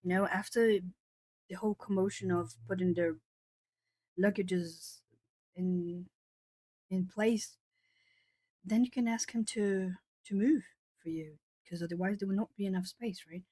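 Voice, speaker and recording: Woman from southern Brazil, native Portuguese speaker, art stream host; chatty, rambling delivery, mid pitch, dry room. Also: fairly even intonation, a little slow, long pauses, darkish tone, dry recording. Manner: chatty, rambling with frequent fillers and laughs. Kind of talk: casual chat with live chat.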